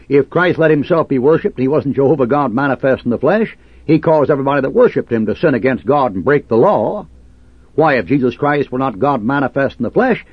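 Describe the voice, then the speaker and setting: Combative male preacher, husky and animated, on a dry, lo-fi recording. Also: medium pitch, dry recording. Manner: combative, sarcastic, preaching in old King James cadence. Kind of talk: fiery fundamentalist sermon.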